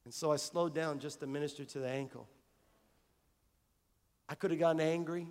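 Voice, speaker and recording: A man's voice: a little high, steady tone, moderate pace, darkish tone, big-room sound. A male pastor preaching a conversational sermon to his congregation, repeating phrases and acting out little dialogues. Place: church sanctuary.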